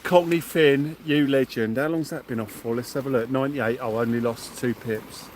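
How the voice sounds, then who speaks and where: Male angler hosting a night livestream, gushing thanks to viewers, middle pitch, light background noise. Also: steady tone, normal speed, a little mellow. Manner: effusive, thanks viewers by name. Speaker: fishing livestream host. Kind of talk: excited livestream chat. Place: outdoors at night by the sea.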